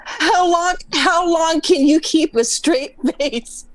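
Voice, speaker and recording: A woman chatting casually on a show, halting and fumbling for words. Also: very high voice. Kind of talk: casual chat.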